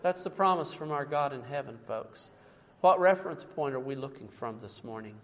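A man's voice: mid-range voice, lively intonation, normal speed, a bit bright. A man preaching a sermon in a church, emphatic and fond of rhetorical questions, calling his listeners folks. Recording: long reverb from a large hall.

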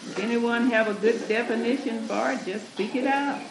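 A man's voice: very high-pitched, moderate pace, gravelly. A man preaching a sermon, reading scripture and calling out to the congregation, laughing as he goes. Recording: echoey church room recording with noise.

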